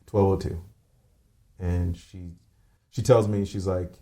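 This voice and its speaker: Male guest, low mellow voice, halting heartfelt storytelling over a remote call. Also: flat delivery. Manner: halting, with many fillers and restarts. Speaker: podcast guest. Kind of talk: emotional personal storytelling.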